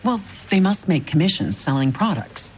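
A woman's voice: low-pitched, sing-song, normal speed, a little mellow, slight background noise. A woman performing a skeptical, doubting character in a scripted radio ad. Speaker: ad voice actor.

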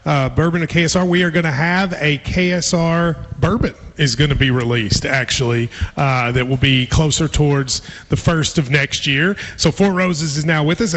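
A man's voice: on the high side, fairly even intonation, moderate pace, fairly bright tone, in a large hall, poor audio. A man hosting a live sports talk radio show, casual and loose, reading out phone numbers and an ad.

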